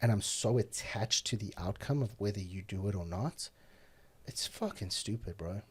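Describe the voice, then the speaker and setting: A man's voice: on the low side, lively intonation, normal speed, slightly rough. A man talking as a podcast guest, telling blunt, profane stories in casual conversation. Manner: blunt, profane, heated storytelling.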